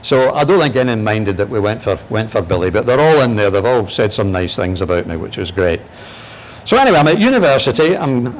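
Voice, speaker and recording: An older man with a Glaswegian Scottish accent tells funny stories from his career at a lecture. His delivery is lively and animated, and his pitch jumps for punchlines. His voice sits in an ordinary male register. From Scotland. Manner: humorous, animated storyteller, shifting pitch for punchlines. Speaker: guest lecturer and broadcaster. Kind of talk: anecdotal storytelling lecture.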